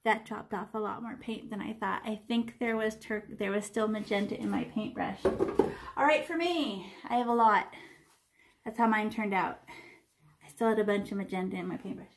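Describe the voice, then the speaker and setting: A woman's voice: mid-range voice, normal speed, a little hiss or hum. A woman art teacher leading a children's painting lesson step by step, chatty and playful, with little sound effects and voices.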